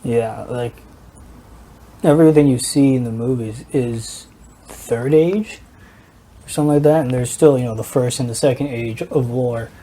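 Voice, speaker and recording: A man's voice: medium pitch, moderate pace, warm tone. A man co-hosting a podcast in casual chat, mostly giving short agreeing replies. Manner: brief agreeing replies, laid back. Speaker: podcast co-host.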